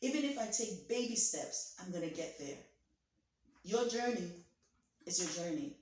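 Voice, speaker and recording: A woman's voice: lowish voice, lively intonation, normal speed, a little mellow, distant mic, a little hiss or hum. Theatrical preaching woman in an echoey room. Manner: theatrical, acts out voices; repetitive, emphatic exhortations. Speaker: physician and pastor giving a motivational talk. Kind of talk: preacher-like motivational speech.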